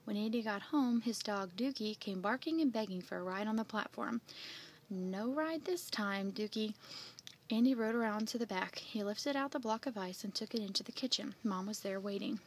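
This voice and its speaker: Lady reading a kids book out loud, soft breathy bits, plain middle voice. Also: medium pitch, brisk, few pauses, a little hiss or hum. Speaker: storybook reader. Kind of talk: reading a children's picture book aloud.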